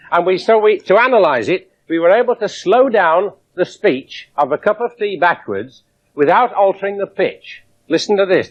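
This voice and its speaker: Wry English lecturer, dull 1970s tape. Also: male voice, high voice. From England. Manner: lively, wry demonstrating with audience. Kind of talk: public science lecture. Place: lecture theatre with audience. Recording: dull 1970s broadcast recording.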